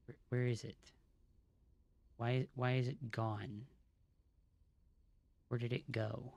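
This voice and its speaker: A slow-talking male gaming streamer who swears freely as he troubleshoots out loud. He sounds exasperated and mutters under his breath. His voice is dry and close, with no room sound around it. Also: mid-range voice, level tone, no echo. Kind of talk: live-stream troubleshooting chatter.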